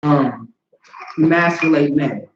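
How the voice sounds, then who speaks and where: A man's voice: on the high side, slow pace. A man teaching an informal scripture class, talking conversationally and often asking "you know what I'm saying". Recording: roomy, dull lo-fi.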